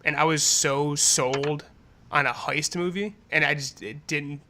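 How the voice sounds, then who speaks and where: A bright, forceful male voice sitting a little higher than most men, talking bluntly in relaxed podcast banter. He swears freely and laughs easily as he trades opinions with his co-host. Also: measured pace. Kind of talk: casual chat.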